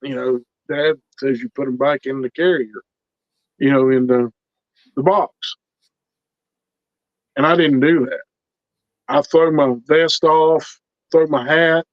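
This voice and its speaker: A man's voice: fairly high pitch, fairly even intonation, slow pace, long pauses, no echo, muffled recording. Earnest, folksy male storyteller. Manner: folksy, earnest, repeats words when building tension. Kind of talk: casual spoken storytelling.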